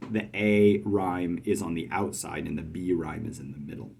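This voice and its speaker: Low husky-voiced man teaching poetry. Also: steady tone, normal speed, a little mellow. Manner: thoughtful, many fillers, chants stress patterns. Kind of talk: video lesson.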